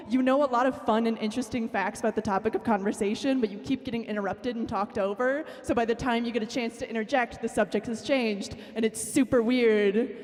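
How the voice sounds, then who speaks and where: A woman performs spoken-word poetry at an open mic in a somewhat high voice. Her delivery is dry and sarcastic. A long hall reverb trails after her words. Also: darkish tone.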